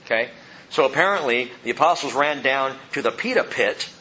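A man preaching a sermon as pastor, animated and joking, acting out the people in the story. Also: mid-range voice, a little fast, lo-fi sound, a little hiss or hum.

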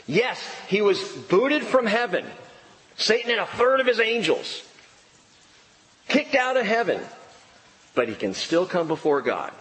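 A man preaching an expository sermon, emphatic and animated, swinging between excited and low earnest tones. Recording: long reverb of a large hall.

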